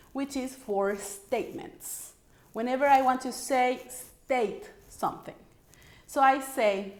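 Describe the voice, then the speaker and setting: A Paraguayan woman whose first language is Spanish teaches English intonation in an online lesson, patiently explaining and saying example sentences aloud. Her fairly high voice comes slowly and echoes noticeably in the room.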